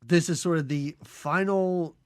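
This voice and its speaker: A man's voice: fairly high pitch, unhurried, darkish tone, no echo. A man co-hosting a casual movie podcast, recapping scenes with sarcasm and frequent laughs. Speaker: podcast co-host.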